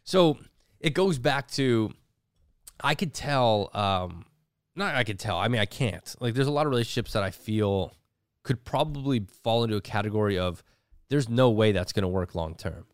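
A man's voice: on the low side, expressive, moderate pace, smooth, no echo. A firm, argumentative man in a dry room. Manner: firm, argumentative, explains with examples. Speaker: podcast co-host. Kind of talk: casual chat.

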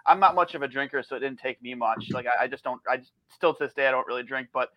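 A man's voice: mid-range voice, fairly even intonation, quick pace, no room sound, muffled recording. A man chatting as a podcast guest, telling rambling stories with restarts, swearing and laughter. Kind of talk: casual chat.

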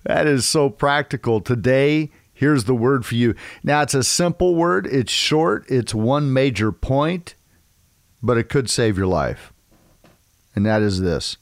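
A male host and preacher giving a devotional talk with emphatic phrasing. His voice sits at a middling pitch. He is recorded close and dry, with no room echo. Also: animated. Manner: emphatic, repeats key phrases slowly. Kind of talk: devotional men's ministry talk.

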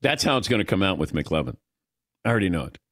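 A sports radio host in his sixties talks in a casual, self-mocking way and acts out the people in his stories. His pitch swings widely from line to line. The studio mic gives a dry, close sound. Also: sing-song, fast, a bit bright, dry recording. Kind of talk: casual talk radio chat. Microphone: studio microphone.

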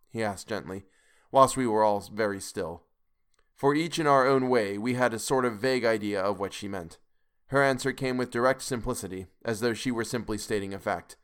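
Grave, lower-voiced male narrator. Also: a little fast, a bit bright, clean tone. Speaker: podcast reader. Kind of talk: audiobook narration.

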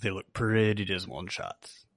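A man's voice: sits low, expressive, normal speed, creaky, dry recording, studio quality. A man co-hosting a podcast in casual chat, laid-back and hesitant with plenty of fillers. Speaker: podcast co-host.

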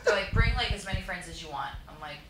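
A woman's voice: fairly low pitch, fast talker, over a noisy crowd. A woman guest on a podcast, animatedly telling casual stories and acting out what people said. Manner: animated, laughing, acts out quotes. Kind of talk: casual storytelling. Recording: roomy with loud background noise.

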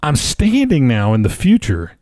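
A man's voice: mid-range voice, wildly swooping pitch, moderate pace, darkish tone, no echo. A man co-hosting a comedy podcast, telling a story with dry, self-mocking humor. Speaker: podcast co-host.

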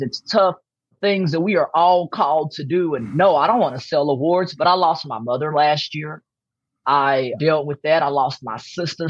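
A woman's voice: deep voice, slightly rough, no room sound, dull audio. A woman giving a candid interview as a podcast guest, talking emphatically and repeating her key points. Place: room at home with posters behind.

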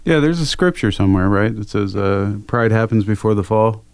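A man's voice: fairly low pitch, expressive, a little fast, darkish tone, smooth, no room sound. A man co-hosting a casual faith podcast, talking in an easygoing, joking way. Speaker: podcast co-host.

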